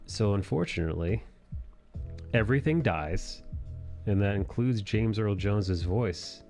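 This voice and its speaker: Rambling, cursing low-voiced man. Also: a little mellow. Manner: rambling, profane, self-correcting. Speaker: live-stream host and comic artist. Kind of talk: casual chat on a drawing stream.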